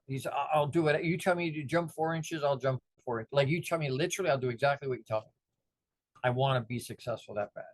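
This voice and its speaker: Middle-aged male motivational speaker, mid-range voice, lively storytelling that slips into character voices, close and dry sound. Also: medium pitch, no room sound. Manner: animated, acts out the voices of people in his stories.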